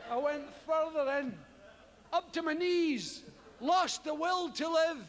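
A Scottish man doing stand-up, telling a profane story in an animated way and acting out yells and strange noises himself. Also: very high-pitched, takes it slowly, in a large hall, some chatter behind, a little hiss or hum. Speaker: stand-up comedian. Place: theatre stage before a live audience.

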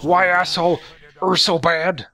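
Brief: a man doing an enraged online gamer, shrill and high, spitting insults. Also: steady tone, unhurried, bright, forceful tone, full character voice. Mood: angry ranting. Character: furious ranting male online gamer, insulting.

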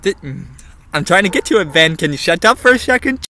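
A young man vlogging in a goofy, comedic style, swinging between mock-serious mumbles and loud outbursts. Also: sits high, big pitch swings, fast, slight background noise. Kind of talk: comedic casual vlog. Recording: background music.

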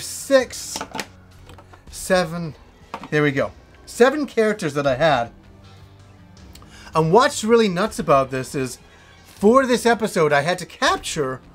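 A man reviewing a video game as the host, telling old memories in an excitable, profane, animated way. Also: high-pitched. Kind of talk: casual storytelling review.

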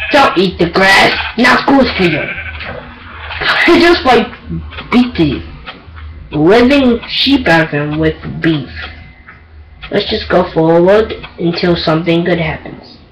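Slow-talking excitable gameplay commentator. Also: medium pitch, low-quality recording. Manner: excitable, giggly, self-mocking. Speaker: gaming video creator.

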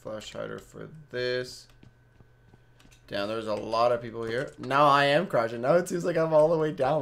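A man's voice: medium pitch, steady tone, moderate pace, creaky. A young Mexican-Canadian man casually rambling through live gameplay commentary and chatting with his viewers by name. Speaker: game streamer.

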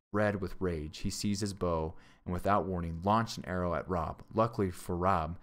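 A male teacher reads a classic adventure story aloud to his class. His voice is deep and low. He trips over a word now and then, corrects himself, and stops to explain a phrase. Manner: stumbles and corrects himself, pauses to explain words.

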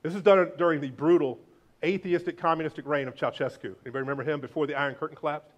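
Joking, animated male pastor preaching. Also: on the high side, very fast, dull audio. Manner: animated, joking, swings between loud and hushed. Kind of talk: sermon. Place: church sanctuary.

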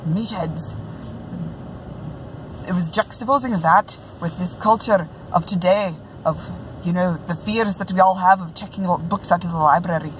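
A woman's voice: on the low side, a little hiss or hum, low-quality recording. A middle-aged woman with a put-on Scottish brogue gives a chatty, self-mocking book review, often breaking into laughter. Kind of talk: casual book review vlog.

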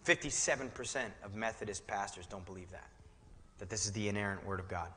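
Bright-voiced preacher in a reverberant hall. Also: male voice, on the low side, quick pace, slight background noise. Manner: conversational, building to fervent emphatic preaching. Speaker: pastor. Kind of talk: sermon. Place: church sanctuary.

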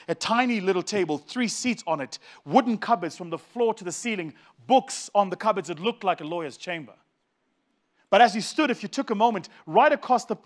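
A man with a South African accent telling a humorous story to a live audience in an animated, joking, conversational way. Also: high voice.

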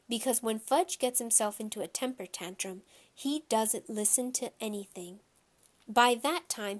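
A woman reading a children's novel aloud in a steady storytelling voice. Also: mid-range voice. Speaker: audiobook reader.

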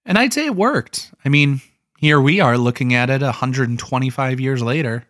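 A man's voice: mid-range voice, lively intonation, normal speed, a bit bright, no echo, clean studio sound. A man hosting an art history talk, explaining a painting in a casual, conversational way with offhand asides.

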